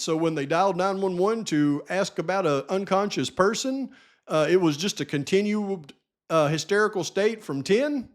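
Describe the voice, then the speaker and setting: Sarcastic, exasperated man. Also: sits high. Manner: sarcastic, rhetorical questions, exasperated. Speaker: channel host. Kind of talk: true crime commentary vlog.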